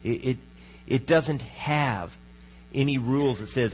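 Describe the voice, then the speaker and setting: A man preaching a sermon as pastor, in a conversational manner, often asking the congregation questions and dropping to a hushed voice for emphasis. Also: medium pitch, takes it slowly, slight background noise, low-quality recording.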